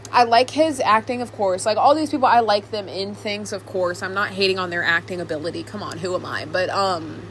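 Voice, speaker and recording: A woman's voice: mid-range voice, a little hiss or hum. A woman hosting a podcast, chatting casually and ranting with animation and plenty of fillers. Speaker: podcast host. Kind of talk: casual opinionated chat.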